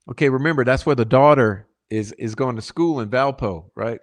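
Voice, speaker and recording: A man's voice: medium pitch, normal speed, few pauses. A man with a mid-range voice reads legal filings aloud for his channel. He breaks in with emphatic commentary, and his voice rises as he drives a point home. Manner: emphatic asides, rising when stressing points. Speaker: channel host. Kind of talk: reading court documents with commentary.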